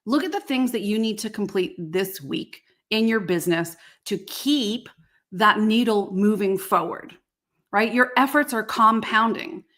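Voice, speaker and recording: A woman hosts a motivational business podcast. She talks in a folksy, animated way at a medium pitch and slips into quick acted-out voices to make her points. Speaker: podcast host and business coach.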